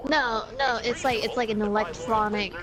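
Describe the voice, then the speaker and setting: A woman's voice: a little high, steady tone, normal speed, music in the background. A woman with a stuffy nose co-hosting a casual online show, chatty and apologetic, full of likes, over an online call. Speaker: co-host. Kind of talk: casual podcast chat. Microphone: home mic over an online call.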